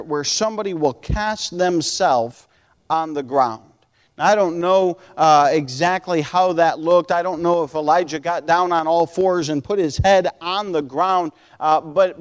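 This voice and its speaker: A man's voice: fairly high pitch, clear, resonant tone. A man preaching a sermon and reading Bible verses, earnest, stretching out key words, often restarting phrases. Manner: earnest, drawn-out emphasis with repeated restarts.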